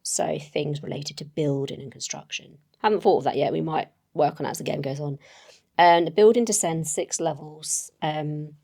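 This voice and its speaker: A woman's voice: sits low, normal speed, creaky, dark tone. A woman playing a solo tabletop game, thinking aloud as she writes, hesitant and full of self-corrections.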